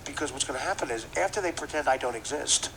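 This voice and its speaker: A man's voice: medium pitch, expressive, fast talker, noisy background. A man hosting a podcast, riffing through a profane comedic rant and laughing at his own jokes. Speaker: podcast host.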